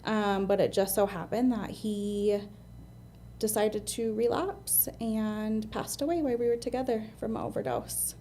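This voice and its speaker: This interview guest, an admissions medical assistant in her thirties, has an American accent and a mellow, darker medium-pitched voice. She tells her story candidly, open and earnest, speaking plainly and unhurriedly yet animated, often restarting sentences. There is slight background noise.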